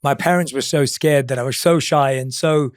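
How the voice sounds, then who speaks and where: A man in casual podcast chat, telling a story about his past in a steady way. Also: mid-range voice, normal speed, smooth, dry recording, studio quality.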